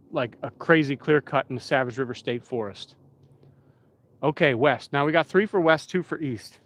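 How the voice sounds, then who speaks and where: A man's voice: on the high side, a bit bright. Chatty man live-streaming. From Pennsylvania. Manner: rambling, chatty, talks straight to the chat. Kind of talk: casual live-stream chat.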